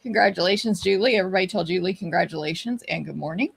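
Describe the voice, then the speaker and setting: A woman's voice: lowish voice, fast talker, vocal fry, slightly rough. A middle-aged woman with a Texan accent hosts a casual live stream, chatting and greeting viewers one by one by name. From Texas. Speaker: livestream host and papercraft teacher.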